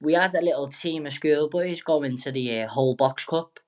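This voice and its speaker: A man's voice: fairly high pitch, moderate pace, a little mellow. A young man, a boxer guest telling rambling, sweary, jokey stories in a casual interview. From England.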